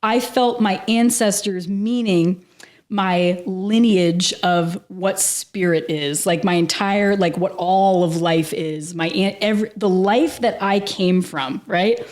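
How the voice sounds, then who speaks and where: Speaking slowly in a darkish, mid-range voice, this podcast guest shares a personal story during a casual interview. Her delivery is earnest and emotional, packed with "like."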